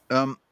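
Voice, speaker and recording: A man's voice: fairly bright tone, dry recording. A man hosting a casual livestream, chatting and greeting viewers by name. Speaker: livestream host. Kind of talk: casual chat.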